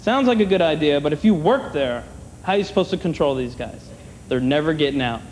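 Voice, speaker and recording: A man working a comedy club crowd with a wry, chatty stand-up set, his voice sitting high for a man. The stage mic carries a long hall reverb, with clear room noise underneath. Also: animated, darkish tone. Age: older than 30. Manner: wry, conversational, acts out quick bits in other voices.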